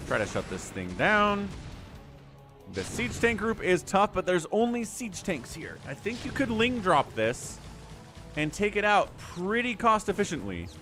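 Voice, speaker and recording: Animated man casting a strategy game. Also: high voice, unhurried, faint music behind. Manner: excitable, chatty, thinks aloud. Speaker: game commentator and stream host. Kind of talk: live-streamed esports commentary.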